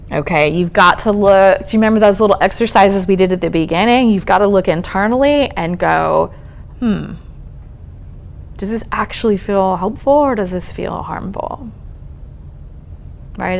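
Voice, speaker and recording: A woman's voice: fairly low pitch, vocal fry. A woman therapist giving a conversational talk to an audience at a college event, reassuring and checking in often. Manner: conversational, reassuring, frequent "um" and "okay?" check-ins. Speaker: speaker on trauma and resilience, therapist. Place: lecture room at a college event.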